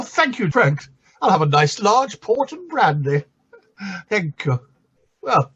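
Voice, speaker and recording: A husky, high, lively voice belongs to a tipsy, camp bishop who fusses and drops into scripture, as an actor plays him. The recording is dull and lo-fi. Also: male voice, full character voice. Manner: fussy, camp, quoting scripture. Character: tipsy, flirtatious middle-aged bishop. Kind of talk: comic stage play reading.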